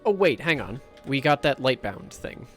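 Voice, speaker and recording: A man's voice: medium pitch, very animated, moderate pace, faint music behind. A man hosting a casual gameplay livestream, chatting in a rambling way and swearing now and then.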